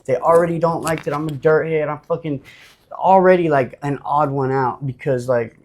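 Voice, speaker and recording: A man from Utah sits in as a podcast guest and tells his own story in a loose, casual way. He is blunt and swears freely, piling up fillers as he goes, and his voice sits a little higher than is usual for a man. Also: normal speed. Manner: blunt, profane, animated with frequent fillers.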